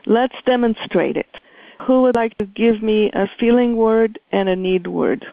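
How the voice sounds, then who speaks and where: A woman leading a communication workshop, speaking in a measured, deliberate way with many pauses. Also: a little high, steady tone, vocal fry, no room sound. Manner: measured, deliberate, pausing often. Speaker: workshop facilitator. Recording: dry, phone-like line.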